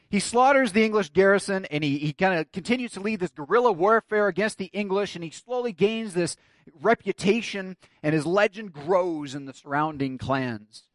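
A man's voice: sits high, dry recording. A man preaching a sermon, telling a story and building to emphatic declarations. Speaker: pastor.

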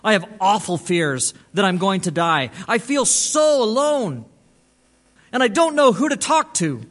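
A man's voice: sits high, very animated, measured pace, a bit bright, full character voice. A man voicing a frightened drunk man who pleads for help in a strained, desperate voice. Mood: anxious.

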